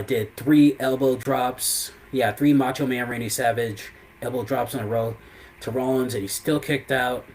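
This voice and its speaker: A man's voice: medium pitch, rough recording. A man with an ordinary mid-range voice talks in a loose, rambling recap and keeps stringing thoughts together with fillers. A faint ambient hum sits behind him. He sounds like a host chatting live to his viewers. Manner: rambling, lots of "you know" and "I mean" fillers. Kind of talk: casual wrestling recap.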